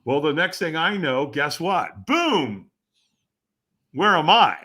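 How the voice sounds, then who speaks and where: A man guesting on a podcast, telling a story with animated energy and acting out the dialogue. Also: a little high, measured pace, breathy edge. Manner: acts out quoted dialogue, emphatic and lively.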